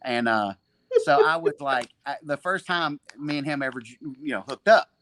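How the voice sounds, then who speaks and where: A man's voice: fairly high pitch, normal speed, a bit bright, no echo. A man in his forties, a jiu-jitsu gym owner guesting on a podcast, telling stories in a profane, rambling, self-mocking way. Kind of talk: casual storytelling.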